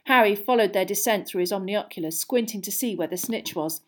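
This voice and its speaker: A woman reading a storybook aloud in steady narration. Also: medium pitch, fairly quick. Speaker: audiobook reader.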